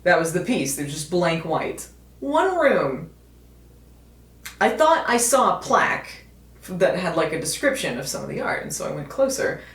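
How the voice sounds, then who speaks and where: A woman's voice: lowish voice, sing-song, normal speed. An American woman casually and wryly chatting to camera in a vlog, with many fillers. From United States. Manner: chatty, wry, lots of fillers. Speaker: video host. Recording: echoey room.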